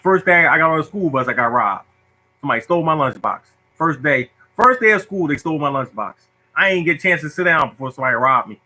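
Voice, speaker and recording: A man hosting a lottery show, casually telling stories to viewers in an animated, joking, self-mocking way. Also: a little high, fairly quick, low-quality recording.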